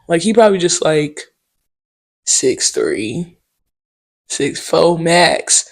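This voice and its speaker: A woman hosts her own podcast in a relaxed solo monologue. She tells stories in a loose, slangy and profane way. Her delivery is animated, with quick asides and filler words such as "um" and "okay?". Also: lowish voice. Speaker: podcast host. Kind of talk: casual solo podcast storytelling.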